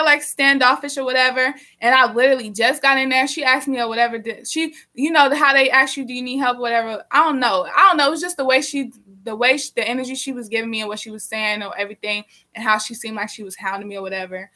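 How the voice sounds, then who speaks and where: Animated, bright-voiced young woman rambling. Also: high voice. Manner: animated, profane, rambling with many fillers. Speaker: live-streaming painter. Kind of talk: casual storytelling.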